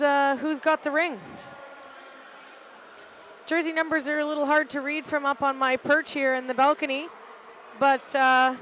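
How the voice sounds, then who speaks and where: Middle-aged woman as casual rink commentator: high, unhurried, chatty, faint arena hum behind. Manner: relaxed, chatty, hesitant with fillers. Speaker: volunteer play-by-play commentator, team parent. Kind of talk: amateur live sports commentary. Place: arena balcony overlooking ice rink.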